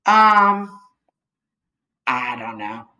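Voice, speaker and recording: Middle-aged woman with a low voice, easygoing short answers on a podcast. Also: big pitch swings, extremely slow, pushed and bright, low-quality recording. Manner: laid-back, brief replies. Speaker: podcast guest. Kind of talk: casual chat.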